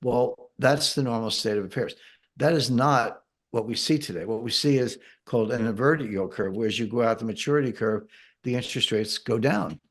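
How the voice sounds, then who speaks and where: A man's voice: medium pitch, fairly quick. A man explaining economics in an interview, patient and methodical, with dry sarcastic asides. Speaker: guest economic commentator. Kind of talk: interview answers.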